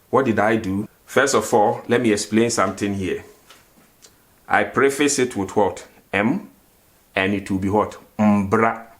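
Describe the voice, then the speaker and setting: A man teaching a grammar lesson, who asks questions and answers them himself and repeats words for drill. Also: on the low side. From Ghana. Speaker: language teacher.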